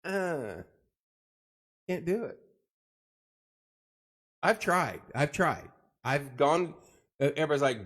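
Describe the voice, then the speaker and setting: His voice is on the high side, and this middle-aged live chat host takes things slowly, leaving long pauses. In a casual, joking, rambling way, he tells animated stories and greets the people watching.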